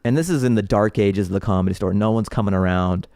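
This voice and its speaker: Low-voiced man telling a lively story. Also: fast talker, no echo, studio quality. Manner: animated storyteller, laughs often. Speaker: comedian guest. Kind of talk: casual podcast chat.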